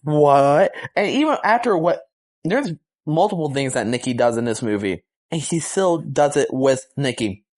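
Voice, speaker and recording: A young man casually reviewing a movie, excited and rambling, full of slang and fillers. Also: a little high, moderate pace.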